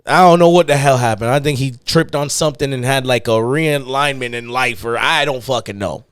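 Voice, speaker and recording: A man's voice: mid-range voice, fairly quick, clear, resonant tone, dry recording, clean studio sound. A man hosting a podcast, telling a raunchy story in casual chat, laughing and swearing as he goes. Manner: laughs through his own story, profane, animated. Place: podcast studio.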